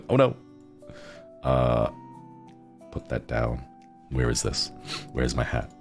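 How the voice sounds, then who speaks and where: A man's voice: a bass voice, sing-song, slow pace, vocal fry, faint music behind. A man streaming casual chat with viewers, playful and rambling, often laughing.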